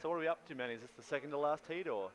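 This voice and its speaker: A man's voice: on the high side, racing, fairly bright tone. A man with a New Zealand accent giving easygoing color commentary at a live sports event. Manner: laid-back, easygoing, says mate.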